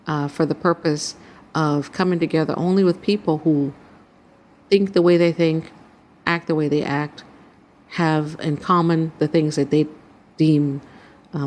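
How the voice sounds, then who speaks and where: Low-voiced woman telling her dream. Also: darkish tone. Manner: earnest storytelling, acts out quoted voices. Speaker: channel host recounting a dream. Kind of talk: personal spiritual testimony.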